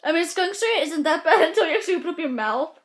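A woman's voice: very high voice, lively intonation, fast talker. A young woman chatting casually and giggling nervously while trying strange jelly beans for her vlog. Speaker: vlogger. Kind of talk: casual chat.

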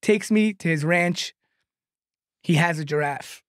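A man, a comedian and content creator, telling a long anecdote in a podcast chat, animated and tagging lines with "right?", laughing now and then. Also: on the high side, slow pace, dry recording, clean studio sound. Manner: laughs through his own story.

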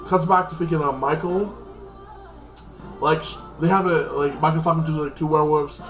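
Rambling man with a higher voice. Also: fairly even intonation, fast talker, reverberant, soft background music, poor audio. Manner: rambling, heavy with fillers like "like" and "freaking". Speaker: channel host reviewing a TV episode. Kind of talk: casual spoken episode recap.

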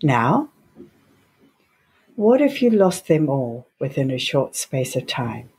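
Low, husky woman hosting a podcast. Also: very animated, takes it slowly, a little mellow. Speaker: podcast host. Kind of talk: podcast interview.

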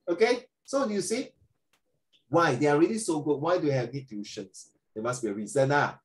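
An older man, teaching a lesson in a chatty, animated way and dropping in Chinese tag words. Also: on the high side, a little fast, poor audio. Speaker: tutor. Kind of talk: online English lesson.

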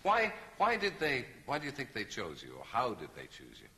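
A man hosting a TV chat show in front of a live audience, teasing his guests with quick banter. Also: mid-range voice, wildly swooping pitch. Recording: loud studio audience and noise. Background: audience laughter.

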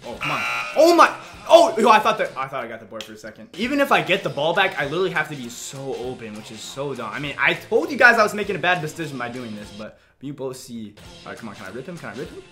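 A young man giving excitable live commentary on his own video game match, reacting loudly to each play. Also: mid-range voice, very fast, soft background music. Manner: excitable, reacts loudly to plays, frequent "yo" and "literally". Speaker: gaming YouTuber.

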